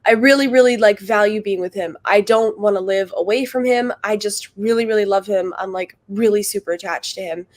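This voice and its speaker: A woman talking on a livestream, rambling and halting, with heavy use of filler words and a soft, unsure delivery. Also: mid-range voice. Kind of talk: confessional livestream talk.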